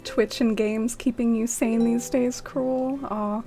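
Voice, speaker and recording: A woman's voice: fairly high pitch, steady tone, takes it slowly, gravelly, mellow, soft background music. A woman streaming a game, chatting casually, greeting viewers by name and using lots of "like". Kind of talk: casual live-stream chat.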